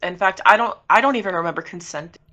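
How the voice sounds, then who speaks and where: Bright-voiced female player. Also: on the low side, lo-fi sound. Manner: quick, jokey banter. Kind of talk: tabletop role-play.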